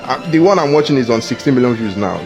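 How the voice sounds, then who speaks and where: A man's voice: mid-range voice, lively intonation, fast, music in the background, close to an everyday voice. A man doing a giggly, gossipy limo driver. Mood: excited gossip.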